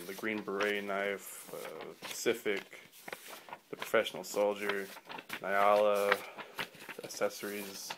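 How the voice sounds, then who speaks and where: A man's voice: lowish voice, a bit bright, slight background noise. A man giving a casual knife review in a rambling way, full of fillers and restarts, with dry offhand humor.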